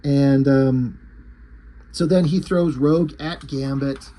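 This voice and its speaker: A man's voice: mid-range voice, fairly even intonation, takes it slowly, mellow. A man casually and enthusiastically recapping a comic story, swearing freely and reading out the characters' lines. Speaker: comic book reviewer.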